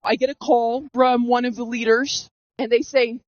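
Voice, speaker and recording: A high-pitched woman around thirty recounts her own story with earnest drama, acting out how she reacted back then. Her voice runs through a masking filter, and the recording is dull and dry with no room sound. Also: steady tone, moderate pace, dry recording. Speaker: storyteller giving personal testimony. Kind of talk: first-person storytelling.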